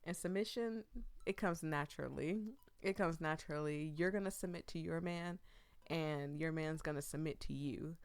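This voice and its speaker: A woman's voice: sits low, moderate pace, smooth, no echo. A woman giving chatty, ranting commentary while playing a visual novel. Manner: chatty and ranting, talks back to herself. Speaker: let's play streamer. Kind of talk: casual let's play commentary.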